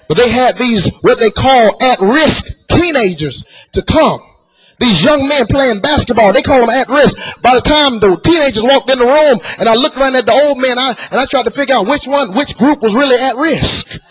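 A preacher in a church, delivering a sermon in a sing-song chanting cadence and putting questions to the congregation. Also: male voice, very high-pitched, lively intonation, moderate pace, fairly bright tone, slightly rough, faint music behind.

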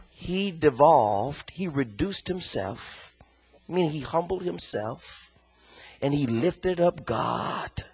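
A man preaching a sermon as pastor, rising from quiet speech to a shouted, sing-song cadence. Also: mid-range voice, breathy edge, rough recording.

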